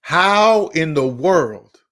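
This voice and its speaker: A man's voice: fairly high pitch, animated, drawn-out words, a bit bright. A man hosting a personal finance channel, talking in an emphatic, preachy way, repeating his points and scolding viewers. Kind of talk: emphatic monologue.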